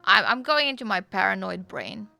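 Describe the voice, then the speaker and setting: A woman's voice: medium pitch, normal speed, creaky, no room sound, faint music behind. A woman streaming a roleplay game, chatting casually and swearing freely while she plays. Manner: chatty, excitable, swears freely, laughs often.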